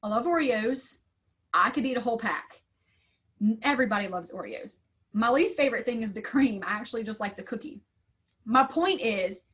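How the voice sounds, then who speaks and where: This is a woman teacher in her thirties presenting to other teachers. Her voice sits somewhat high. She tells classroom stories in an upbeat, storytelling way and slips into lively voices when she quotes people. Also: brisk. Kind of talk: conference talk.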